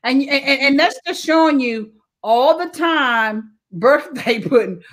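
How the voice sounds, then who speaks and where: A woman's voice: high voice, animated, measured pace, fairly bright tone. A woman co-hosting a casual podcast chat, emphatic, repeating words and laughing often. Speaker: podcast co-host.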